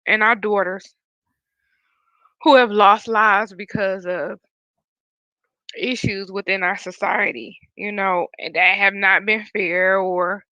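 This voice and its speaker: A bright, forceful woman host sounds close to tears, earnest and halting as she speaks. The sound is dull and lo-fi with no room echo at all. She is hosting a live podcast stream. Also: medium pitch, fairly even intonation. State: emotional, near tears. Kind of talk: podcast talk.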